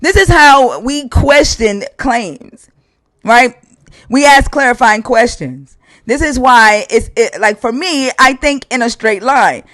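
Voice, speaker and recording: A man with a high, insistent voice cross-examines a caller on his live stream. He curses constantly and hammers the same question over and over. The sound is dry and close to the mic. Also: animated, takes it slowly, sharp tone, no echo. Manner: profane, interrogating, repeats questions insistently. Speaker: stream host. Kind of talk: heated debate on a live stream.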